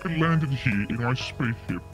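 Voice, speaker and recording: A man voicing a stiff, formal male alien visitor with a thick, odd accent and flat phrasing. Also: mid-range voice, moderate pace, faint music behind, close to an everyday voice. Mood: stiff deadpan.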